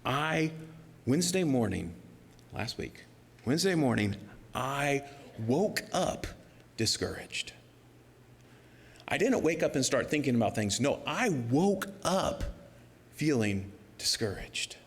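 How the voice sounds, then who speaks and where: A male pastor preaching a sermon in an earnest, personal way, sometimes dropping to a soft near-whisper for emphasis. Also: mid-range voice, sing-song, slow, pauses often, slightly rough, in a large hall. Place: church sanctuary.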